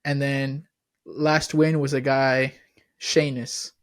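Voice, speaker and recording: A man's voice: mid-range voice, little pitch movement, takes it slowly. Easygoing male podcast co-host. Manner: easygoing, laughs along, leads the questions. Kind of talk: casual chat.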